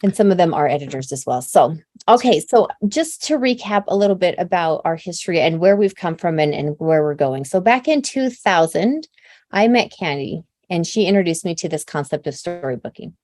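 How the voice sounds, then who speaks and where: A lower-voiced woman from Idaho leads a friendly team presentation over a video call. She is chatty and upbeat, strings together long lists full of "um"s and "okay"s, and is openly emotional. The sound is dry and close, with no room echo. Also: animated, moderate pace, a little mellow. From Idaho, USA. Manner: chatty, upbeat, runs through lists with many fillers; openly emotional, admits she tears up easily. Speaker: company founder presenting to her team.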